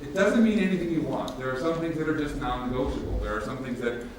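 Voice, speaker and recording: A man presenting at a workshop, telling stories in a casual, animated way and acting out both sides of conversations. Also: medium pitch, quick pace, slight background noise. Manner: casual, animated, acts out dialogue. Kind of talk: storytelling workshop talk. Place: large room with audience. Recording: echoey hall from a distance, faint ambience.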